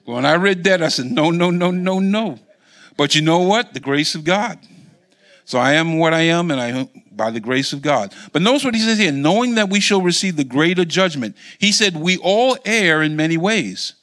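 A male Bible teacher delivers a sermon and keeps pausing for his listeners to finish his phrases. His voice sits high and swoops widely in pitch, with a bright, forceful edge. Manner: animated, quizzes the congregation. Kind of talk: sermon with call-and-response.

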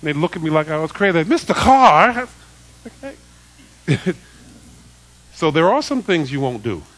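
Animated male preacher, laughing often. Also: fairly high pitch, quick pace. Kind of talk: sermon.

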